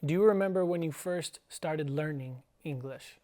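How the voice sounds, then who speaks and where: A man's voice: on the high side, mellow. A man who teaches and hosts a casual school podcast, talking in a playful, chatty way. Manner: playful, chatty, sounds out words slowly. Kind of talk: casual interview.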